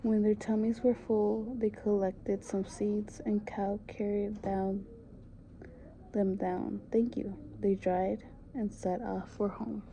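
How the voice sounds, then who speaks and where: A woman reads a children's picture book aloud in a soft, whispery voice. Her delivery is slow and very mellow, with little pitch movement, over faint room noise. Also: level tone, lo-fi sound. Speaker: storybook reader.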